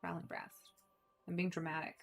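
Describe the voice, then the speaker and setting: A woman chatting casually with her viewers while she plays a game, playful and quick to laugh. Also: on the low side, flat delivery, creaky. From United States. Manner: chatty, playful, giggly, talks to chat. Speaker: game streamer. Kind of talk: casual chat while gaming.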